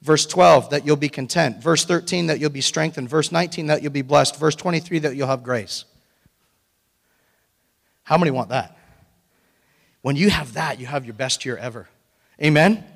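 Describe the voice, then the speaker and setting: A man preaching in a church with a voice pitched a little high. He moves from steady teaching into excited, shouted praise and laughter. A long reverb from the hall trails after his words. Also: normal speed, creaky, pauses often. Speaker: pastor. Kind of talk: sermon. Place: church sanctuary.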